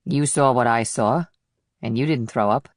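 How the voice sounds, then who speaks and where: A woman voicing a blunt, wry female FBI agent in an audiobook, speaking in a low, plain manner. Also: moderate pace, no echo, studio quality. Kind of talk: audiobook dialogue.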